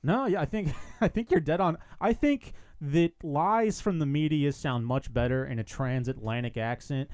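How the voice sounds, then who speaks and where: A man co-hosting a casual podcast chat, sardonic and animated, who swears freely. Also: a little high, moderate pace, hardly any pauses, clean tone. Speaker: podcast co-host.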